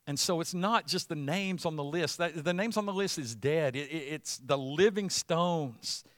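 A man preaching a sermon as pastor, conversational at first, then building to loud, emphatic passages. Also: a little high, moderate pace, dry recording, clean studio sound.

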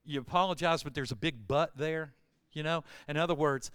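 Emphatic preaching man, smooth dry voice. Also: on the high side, normal speed, fairly bright tone, dry recording. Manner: storytelling with rising emphatic bursts. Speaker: pastor. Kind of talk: sermon.

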